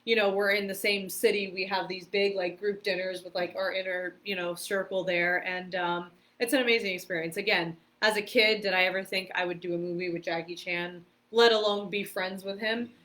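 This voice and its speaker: A woman's voice: medium pitch, fairly even intonation, a little fast, few pauses, a bit bright. A woman talks casually as a podcast guest. She tells her stories with animation and frequent laughter. She leans on a lot of fillers. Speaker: podcast guest, karate competitor and stunt performer. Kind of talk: casual storytelling interview.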